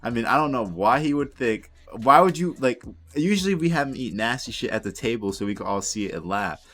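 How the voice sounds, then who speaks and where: A man's voice: medium pitch, expressive, a little fast, fairly bright tone. A young man telling a storytime tale in a casual, rambling way, swearing and laughing as he goes. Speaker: storytime vlogger.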